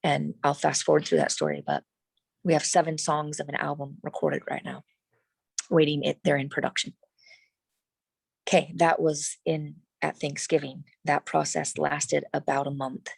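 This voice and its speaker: Husky low-voiced middle-aged woman storyteller. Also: moderate pace, no echo, rough recording. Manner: animated, emphatic, many restarts. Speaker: interview guest. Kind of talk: casual personal storytelling.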